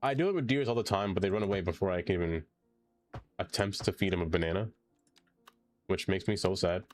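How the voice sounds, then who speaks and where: A man's voice: low voice, fairly quick, soft background music. Playful man streaming a game. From not American. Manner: playful, theatrical groans, reads chat aloud. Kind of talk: casual live-stream chat while playing.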